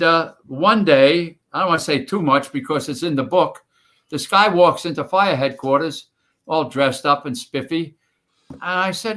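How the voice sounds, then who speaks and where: An older man tells stories from his years on the job in a loose, rambling way. His voice sits a bit high and comes across bright and forceful. He keeps stopping to restart his sentences and fills the gaps with "uh" and "you know.". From New York. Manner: rambling, folksy, many fillers and restarts. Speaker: guest, retired firefighter. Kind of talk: casual storytelling interview.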